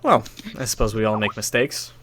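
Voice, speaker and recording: A man voicing a seasoned male military commander who speaks softly and with measured calm, over a noisy home mic. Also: fairly low pitch, close to an everyday voice. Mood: earnest.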